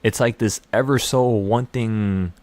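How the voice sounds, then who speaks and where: Speaking a little slowly in a lowish voice over a dry recording, a trading-channel host rambles through an intense, excitable motivational monologue, circling back to the same words.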